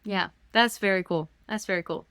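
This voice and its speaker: A woman hosting a casual interview, asking relaxed, friendly questions with some fillers. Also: mid-range voice, moderate pace, clean tone, no echo, clean studio sound. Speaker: interview host.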